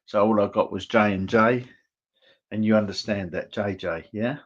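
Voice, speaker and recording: A man serving as a spiritualist medium, giving clairvoyant messages in a church service. He speaks in a gentle, reassuring way, halting often and checking in with "okay?". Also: fairly low pitch, steady tone, dull audio.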